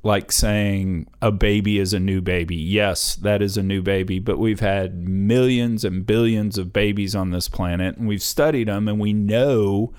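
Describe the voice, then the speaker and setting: A middle-aged man with a somewhat low voice, chatting casually as a host. He tells family stories in a loose, rambling way and laughs easily. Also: steady tone, a little slow, few pauses, darkish tone, clear, resonant tone. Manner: chatty storyteller, laughs while telling stories. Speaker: podcast host interviewing his father.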